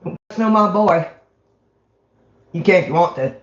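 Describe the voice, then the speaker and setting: A woman's voice: on the low side, expressive, a little slow. Middle-aged southern woman ranting to her camera, swearing, rambling, dull lo-fi sound. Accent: Southern US (Mississippi). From Mississippi, US. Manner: rambling, blunt, profane, bursts of raised voice. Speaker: vlogger. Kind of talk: raw confessional monologue to camera. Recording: dull lo-fi recording.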